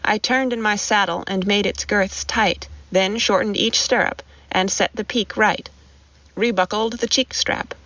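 A woman reciting a narrative poem in a measured, rhythmic reading. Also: medium pitch, steady tone, fairly bright tone, no echo. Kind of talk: poetry recitation. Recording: dull, lo-fi recording.

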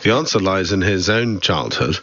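A man's voice: deep voice, animated, normal speed, pushed and bright, highs cut off. A man with a Southern English accent, a guest in an interview, talking candidly and wryly about his father. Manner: dry, wry and candid. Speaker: guest, son of the director. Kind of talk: reflective interview talk.

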